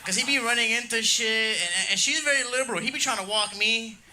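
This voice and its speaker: A man's voice: very high voice, brisk, noisy background. A man doing a crude, crowd-baiting stand-up set, often tagging jokes with "dog" and "you know what I mean.". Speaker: stand-up comedian. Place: comedy club stage.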